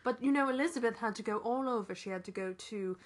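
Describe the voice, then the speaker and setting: A woman's voice: on the high side, quick pace. A woman co-hosting an improvised comedy chat, asking questions and dropping dry, teasing quips. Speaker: comic co-host asking questions.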